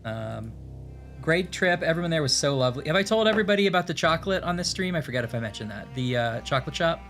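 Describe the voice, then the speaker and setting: A man's voice: fairly high pitch, expressive, quick pace, a bit bright. Rambling man chatting on a game stream. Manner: rambling storyteller, many fillers. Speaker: stream host. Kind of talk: casual chat. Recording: faint game music behind.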